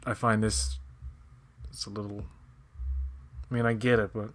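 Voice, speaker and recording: A man's voice: lowish voice, flat delivery, measured pace. A man, co-hosting a casual episode commentary in a rambling, jokey way. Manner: rambling, jokey, breaks into shouted movie impressions. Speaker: podcast co-host.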